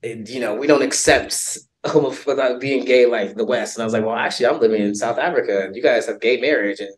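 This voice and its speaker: This American man talks with an American accent at a middle pitch, chatting casually as a podcast guest. He is animated and laughs often, with plenty of "um" and "like" as he goes. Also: quick pace. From United States. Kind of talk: casual interview chat.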